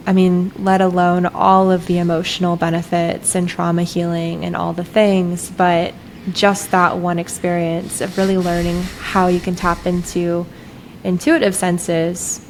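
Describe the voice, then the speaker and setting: A woman guest, a breathwork facilitator, telling a personal story in animated, conversational speech full of "like" fillers. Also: fairly low pitch, moderate pace, vocal fry, slight background noise, poor audio.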